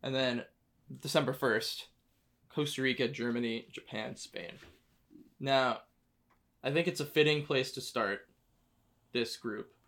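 A man's voice: mid-range voice, fairly bright tone. A man co-hosting a sports podcast, chatting casually and joking as he runs through fixtures. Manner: joking, quick to argue and laugh. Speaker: podcast co-host.

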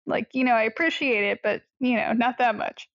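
High-voiced giggly woman chatting. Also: fairly quick, no room sound, highs cut off. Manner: giggly, with lots of fillers and playful put-on voices. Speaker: podcast co-host. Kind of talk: casual chat.

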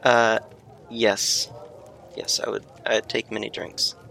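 A man taking part in a tabletop game, deadpan and a little lost. His tone is bright and sharp, with a gravelly fry underneath. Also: on the low side, takes it slowly, slight background noise. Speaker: player. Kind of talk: casual tabletop play.

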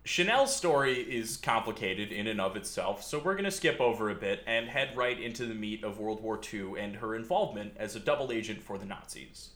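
A man's voice: on the low side, lively intonation, brisk, hardly any pauses, fairly bright tone, roomy sound. A man hosting a podcast, telling a history story in a casual, sardonic way with frequent fillers.

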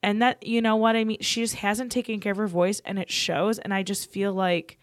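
A woman's voice: mid-range voice, little pitch movement, fairly quick, no room sound, studio quality. Earnest, chatty woman podcast co-host. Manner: chatty, lectures earnestly on vocal health. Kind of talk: casual chat. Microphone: podcast microphone.

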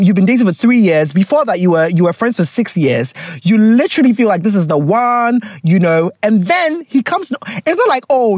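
A vlogger reading a viewer's letter aloud and reacting with animated, laughing commentary in casual storytime style. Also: medium pitch, husky, no echo, studio quality.

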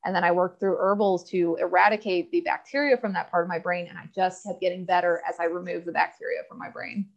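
A woman guest in a casual interview, telling her health story candidly with quick asides. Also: lowish voice, steady tone. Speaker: podcast guest. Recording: slightly dull lo-fi audio.

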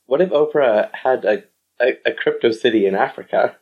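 A podcast co-host chatting casually, throwing in jokes and quick apologetic asides. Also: mid-range voice, phone-quality sound. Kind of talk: casual chat.

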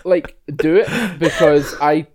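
A man in casual podcast chat about running tabletop games, blunt and teasing, slowing down for emphasis. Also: on the high side, a little mellow. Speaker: game master and co-host.

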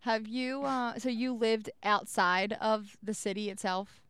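A woman co-hosting a chat podcast, talking in a casual, excitable way. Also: a little high, measured pace, clean tone, no echo, studio quality. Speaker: podcast co-host.

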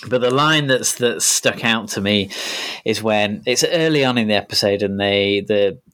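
A man's voice: fairly low pitch, moderate pace, bright, forceful tone, clear, resonant tone. Chatty man rambling and laughing. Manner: rambling, restarts often, laughs while talking. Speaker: podcast co-host. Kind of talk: casual chat.

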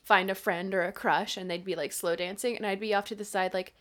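A woman's voice: mid-range voice, steady tone, fairly quick, fairly bright tone. A woman from Canada co-hosting a podcast in casual chat, rambling and laughing often, with a casual habit of swearing. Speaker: podcast co-host.

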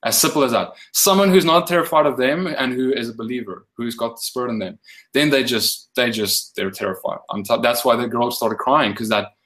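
A man's voice: medium pitch, brisk, fairly bright tone, rough recording. A man speaking as a guest minister, telling a casual testimony full of fillers and restarts, and turning firm when he describes commanding prayer.

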